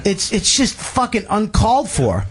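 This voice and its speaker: A man's voice: sits high, huge pitch swings, measured pace, heavy background noise. A man, a comedian, telling a story on a radio talk show, swearing a lot, laughing, and acting out the people he quotes. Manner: profane, laughing, acts out quoted voices. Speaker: guest comedian.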